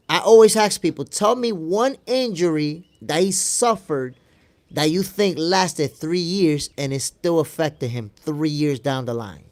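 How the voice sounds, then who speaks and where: A man hosting a boxing stream, arguing his point emphatically, repeating lines for stress and answering chat. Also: a little high. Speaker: boxing show host. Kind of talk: live stream commentary reading chat.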